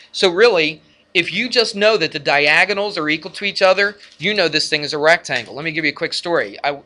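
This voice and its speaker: A man teaching a math lesson to his class, lively and energetic, often asking the students questions. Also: on the high side. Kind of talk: classroom lecture.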